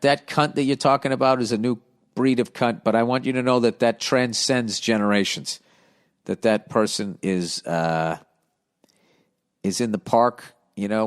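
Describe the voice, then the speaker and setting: A man in a mid-range voice hosts his podcast with a blunt, foul-mouthed, sardonic rant. He thinks out loud and circles back mid-sentence as he goes. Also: medium pitch. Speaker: podcast host. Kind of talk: casual comedic rant.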